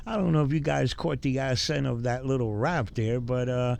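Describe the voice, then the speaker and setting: A man's voice: mid-range voice, normal speed, creaky, few pauses, a little mellow. A man hosting casual commentary, rambling and mocking with frequent fillers. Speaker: commentary host.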